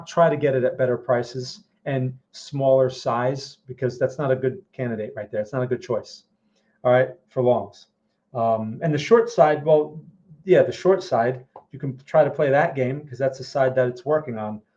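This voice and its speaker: A man's voice: mid-range voice, a little mellow. Blunt New Jersey man on a live stream. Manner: blunt, frank, keeps asking "right?". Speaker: market analyst host. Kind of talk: live-stream chart commentary. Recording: slightly muffled lo-fi audio.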